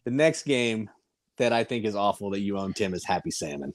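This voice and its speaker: A man's voice: on the low side, animated, a little fast. A man on a casual board game livestream, ranting emphatically with blunt put-downs.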